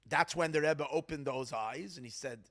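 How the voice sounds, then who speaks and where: A rabbi with a somewhat high voice tells a story with animated, dramatic delivery. He acts out each quote as he goes. He repeats words to build suspense. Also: normal speed. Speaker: rabbi telling stories of tzadikim. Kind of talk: storytelling talk at an evening gathering.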